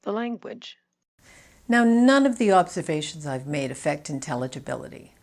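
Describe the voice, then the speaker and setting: A woman with a Canadian accent, a pronunciation coach giving instructional commentary and modeling words slowly and clearly. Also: deep voice, sing-song, darkish tone. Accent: Canadian English.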